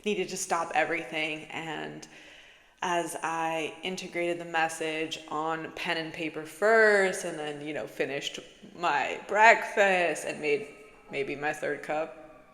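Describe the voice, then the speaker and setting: Laid-back woman vlogger, lowish voice, rambling casual chat, recorded in a reverberant room. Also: steady tone, slow pace, fairly bright tone. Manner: chatty, giggly, says "like" a lot. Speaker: spiritual vlogger. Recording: echoey room with long reverb.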